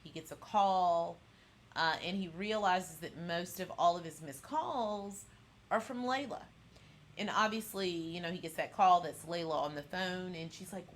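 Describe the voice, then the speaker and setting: A woman's voice: on the low side, measured pace, a little hiss or hum. A woman hosting a pop culture channel, casually recapping an episode in a rambling way full of fillers and restarts.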